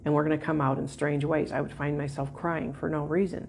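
A woman with a low, gravelly voice gives a Christian teaching session. She tells a personal story in a relaxed, mellow way, with soft laughs along the way. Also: fairly quick, a little hiss or hum.

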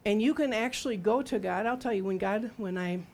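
A woman's voice: medium pitch, fairly quick, darkish tone. A middle-aged woman preaching a sermon in a conversational, humorous storytelling way, acting out quotes as she goes.

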